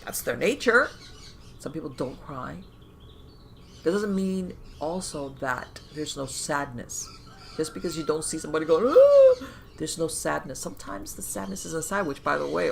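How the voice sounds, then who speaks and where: A podcast host talking in a casual interview, animated, with many fillers and restarts and acted-out inner voices. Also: medium pitch, vocal fry, a little hiss or hum.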